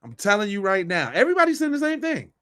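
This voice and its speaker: Animated, sarcastic male podcast host. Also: high-pitched, quick pace, clear, resonant tone. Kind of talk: casual podcast commentary.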